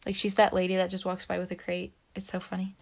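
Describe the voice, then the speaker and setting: A woman's voice: fairly low pitch, monotone, fast, creaky. A woman co-hosting a podcast in casual chat, giggly and full of jokey banter. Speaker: podcast co-host.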